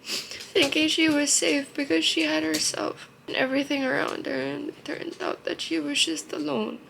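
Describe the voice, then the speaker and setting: A tearful young woman in a confessional vlog, speaking haltingly with emotion and trailing off into soft murmurs. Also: sits high, fairly even intonation, gravelly, slight background noise, rough recording. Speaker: vlogger.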